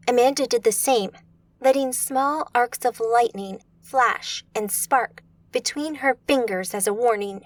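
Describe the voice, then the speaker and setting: A woman narrating a fantasy audiobook in a steady, measured storytelling manner. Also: fairly high pitch.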